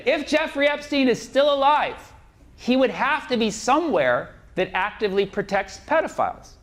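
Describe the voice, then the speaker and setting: A man's voice: very high-pitched, big pitch swings, moderate pace, slight background noise. A male stand-up comedian delivering a mock-serious, conspiratorial routine on a comedy club stage.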